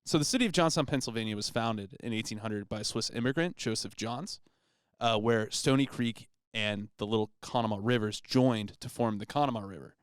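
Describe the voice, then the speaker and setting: A man's voice: lowish voice, brisk, clear, resonant tone, no room sound, clean studio sound. A man hosting a casual history podcast, laid-back, telling the story and laughing along with his co-hosts. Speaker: podcast host presenting history.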